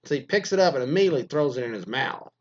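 A man's voice: mid-range voice, animated, rapid-fire, muffled recording, slight background noise. A man hosting a podcast, chatting casually in a crude, joking, meandering way with lots of fillers. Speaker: podcast host reading listener stories. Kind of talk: casual rambling chat.

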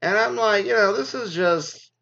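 A man's voice: high voice, normal speed, vocal fry, bright, forceful tone. A man hosting a casual commentary, reading news items and then ranting in a rambling, profane, exasperated way. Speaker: commentary host. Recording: dull lo-fi sound.

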